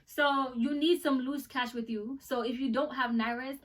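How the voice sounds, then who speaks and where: A young American woman telling a travel story in a casual vlog, animated and acting out the people she met. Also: high-pitched, normal speed, distant mic. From United States. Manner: animated, acts out voices in the story. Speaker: travel vlogger.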